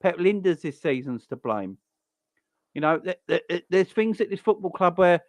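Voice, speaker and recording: A man's voice: sits high, animated, moderate pace, dry recording. A young man hosting a live stream, ranting in an exasperated, repetitive way and swearing now and then. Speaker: fan channel host. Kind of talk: live-stream football rant.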